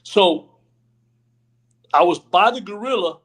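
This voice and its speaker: A man's voice: high-pitched, lively intonation, slow pace, a bit bright. A man, a retired wrestler, telling rambling backstage stories on a live stream interview, acting out what others said. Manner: rambling anecdotes, acts out quotes, many "you know what I mean". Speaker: retired pro wrestler, guest. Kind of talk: storytelling interview. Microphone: remote live stream call.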